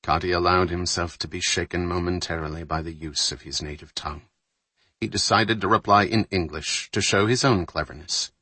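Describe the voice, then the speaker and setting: A man reading a thriller audiobook aloud in a measured, steady narration, lightly voicing the dialogue. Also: low voice, breathy edge, no room sound.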